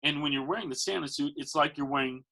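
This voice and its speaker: A man's voice: quick pace, vocal fry. A man, a magician who works as Santa, telling stories in a casual chat and acting out the voices of the people in them. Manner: animated, acts out quotes with big pitch jumps. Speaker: podcast guest, magician and Santa performer. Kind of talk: casual storytelling.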